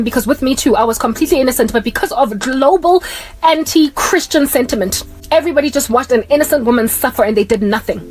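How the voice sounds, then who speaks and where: A woman delivering an impassioned religious monologue in an emphatic, preachy way. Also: on the high side. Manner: emphatic, preachy, rapid-fire talk. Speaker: Christian vlogger.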